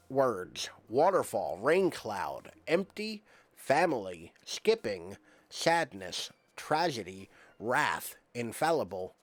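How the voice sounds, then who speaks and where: A man's voice: medium pitch, big pitch swings, slow, dry recording. A male streamer on a live game stream, reading out game text and word lists with playful asides.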